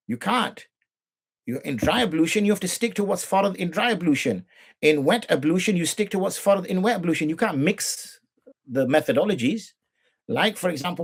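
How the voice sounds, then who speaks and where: A middle-aged British English-accented man with a high voice, he is a mufti teaching religious law in an informal talk. He fills it with rhetorical questions and imagined back-and-forth dialogue.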